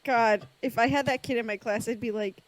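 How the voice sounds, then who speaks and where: A woman's voice: a little high, steady tone, a little fast, no room sound, rough recording. A woman co-hosting a podcast in casual chat, sassy and self-mocking, often laughing. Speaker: podcast co-host.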